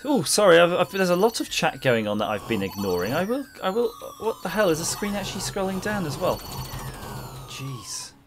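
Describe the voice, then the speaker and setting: A man's voice: sits high, big pitch swings, normal speed. A man streaming retro games, chatting casually and rambling jokily with viewers while he plays, over a noisy background hum. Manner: jokey, rambling, chats with viewers. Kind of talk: casual livestream chat while gaming.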